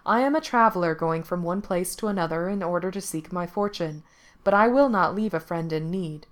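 A woman reading as a fearless young wanderer, bold and proud, with a slightly low voice. He speaks with spirited conviction in a storybook tale. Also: brisk, lightly acted. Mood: firm.

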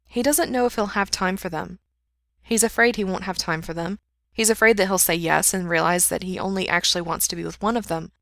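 A woman reading a story aloud in a steady, intimate way. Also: lowish voice, no echo, clean studio sound. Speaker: story reader. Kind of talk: reading fan fiction aloud.

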